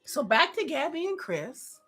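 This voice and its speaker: Brash, high, bright-voiced woman ranting. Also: sing-song, a little slow. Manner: blunt, profane, mocking impressions of cast members. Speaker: reaction commentator. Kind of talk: casual reality TV reaction commentary.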